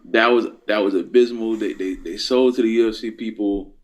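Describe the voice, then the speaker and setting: A man's voice: lowish voice, steady tone, normal speed. A man co-hosting a wrestling chat, stammering and repeating himself, sounding deflated. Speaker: wrestling podcast co-host. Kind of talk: casual chat.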